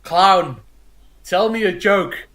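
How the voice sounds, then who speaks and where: A man putting on the voice of a stupid, bug-like male demon thug who laughs loudly and talks bluntly. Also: sits high, slow. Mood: brutish.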